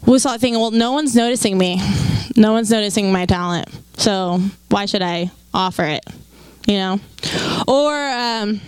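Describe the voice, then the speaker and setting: Animated high-voiced woman preaching. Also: no echo, low-quality recording. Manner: animated, laughing often, conversational with fillers. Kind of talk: lively sermon.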